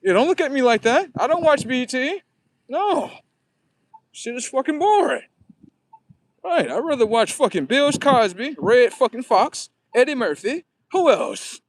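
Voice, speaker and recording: Animated, high-voiced man ranting on stream. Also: a little slow, no room sound. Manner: profane, rambling, talks back to viewers. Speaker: livestream host. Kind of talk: casual livestream monologue.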